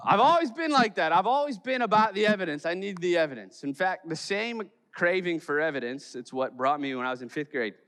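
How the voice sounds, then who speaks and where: A pastor from Chicago preaching a sermon in church, telling stories with jokes and playful acted quotes. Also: male voice, sits high, brisk, hardly any pauses, a bit bright, big-room sound. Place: church sanctuary.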